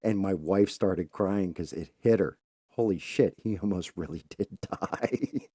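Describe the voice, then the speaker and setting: A middle-aged man hosting a talk show, telling a story casually, swearing freely and acting out his own loud outbursts. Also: deep voice, unhurried, husky, dry recording, clean studio sound. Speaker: podcast host.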